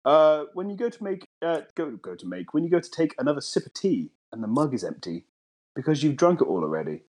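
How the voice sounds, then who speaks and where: Brief: man, podcast co-host, lively swinging pitch, chatty sweary storyteller, dry close mic. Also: fairly quick. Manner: rambling, sweary, laughs often, many restarts. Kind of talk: casual comedic storytelling.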